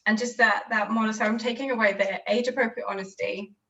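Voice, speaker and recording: A woman's voice: fairly high pitch, fairly even intonation, fast talker, a bit bright, recorded from a distance, lo-fi sound. A woman podcast host on a video call, reflecting on what her guest said and summing up the lessons. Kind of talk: casual interview chat.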